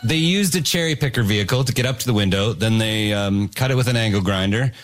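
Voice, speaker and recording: A man's voice: on the low side, fast, soft background music. A man hosting a comedy news quiz, reading out questions playfully and laughing at his own jokes. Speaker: quiz host.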